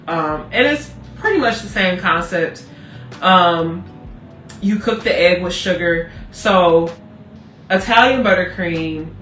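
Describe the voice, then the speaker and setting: A woman in her thirties hosting a baking livestream in casual chat, swearing freely and breaking into loud comic rants. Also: on the low side, echoey room, recorded from a distance. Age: 30s. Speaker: baking show host.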